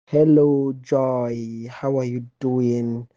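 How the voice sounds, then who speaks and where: A man's voice: mid-range voice, fairly even intonation, extremely slow, mellow, clear, resonant tone, no echo. A man from Nigeria with a Nigerian accent, leaving a polite, formal recorded voice message. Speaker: caller. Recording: dull, dry voice note.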